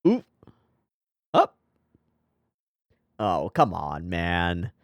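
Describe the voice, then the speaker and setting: A man records an anime reaction in a dry, close room, and his voice jumps all over the place. He talks slowly and drawls his lines. He curses at the characters and teases them like old buddies. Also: sits low, huge pitch swings, creaky, no room sound. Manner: swears freely and talks back at the screen; laughs often and teases the characters. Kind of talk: casual reaction commentary.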